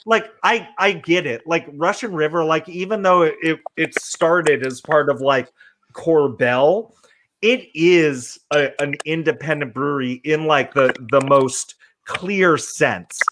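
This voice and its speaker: A man with a fairly high voice ranting as a podcast host, animated and full of swearing and filler words. He speaks in loose, casual chat, with faint noise behind him. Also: a little slow.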